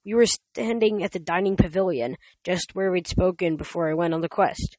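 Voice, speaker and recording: A first-person storyteller reading at an even middle pitch, close to the mic in a dry, dead space. The telling is steady and plain, with the odd stumble and restart. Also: moderate pace, dry recording, poor audio. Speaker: audiobook reader.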